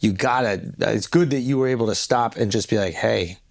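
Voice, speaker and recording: A man's voice: fairly low pitch, fairly quick, creaky. Podcast guy cracking jokes, lots of yeahs, easygoing chat. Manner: jokey, chimes in with short agreements and quips. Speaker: podcast co-host. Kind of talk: casual chat.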